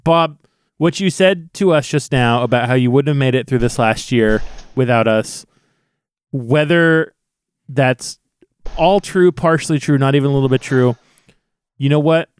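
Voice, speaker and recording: A man's voice: medium pitch, measured pace, clear, resonant tone, no echo. A male podcast host, tipsy from drinking, speaking earnestly and with heart while swearing freely. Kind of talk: casual podcast chat.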